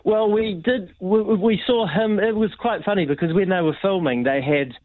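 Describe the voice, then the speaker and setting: A man calling into a radio show about his drama group, talking haltingly with many ums over the phone. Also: high-pitched, no echo. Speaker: caller, drama group organizer. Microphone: telephone. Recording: muffled phone line.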